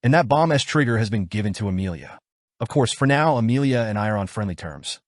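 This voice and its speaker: A man narrating a story recap in the first person, with a brisk, wry storytelling manner. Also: fairly low pitch, expressive, no echo, studio quality.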